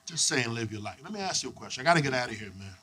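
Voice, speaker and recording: A young man performing a stand-up comedy set, loud and profane, working the crowd with lively back-and-forth. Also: medium pitch, rapid-fire. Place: comedy club stage with live audience. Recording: noisy live club recording.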